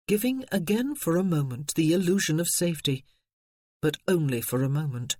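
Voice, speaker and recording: An audiobook narrator giving expressive scripted narration of a period romance. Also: mid-range voice, moderate pace, dry recording, studio quality. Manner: expressive storytelling.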